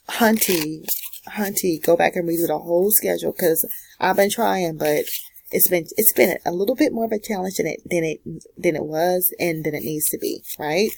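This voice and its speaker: A woman's voice: fairly low pitch, creaky, a little mellow, slight background noise, rough recording. A woman giving a casual pick-a-card astrology reading, with sassy, slangy, direct advice. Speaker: tarot and astrology reader.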